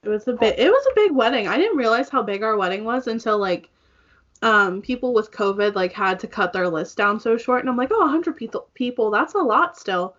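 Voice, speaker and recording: A woman's voice: on the high side, animated, fairly quick, a bit bright. A young woman co-hosting a casual chat, chatty and emphatic. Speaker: podcast co-host. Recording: dull, lo-fi sound.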